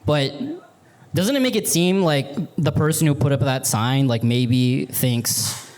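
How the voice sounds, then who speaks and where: Performing live at a comedy theater, a young Vancouver comic speaks in a slow, darkish mid-range voice. His set is sheepish and wandering, stuffed with fillers like "like" and "you know," as the audience laughs.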